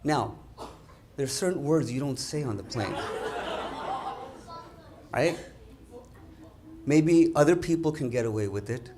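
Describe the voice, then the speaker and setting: A man telling stand-up jokes at a community dinner, acting out characters in animated quoted voices. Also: medium pitch, a little slow, pauses often. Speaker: comedian at a dinner. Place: event hall with a live audience.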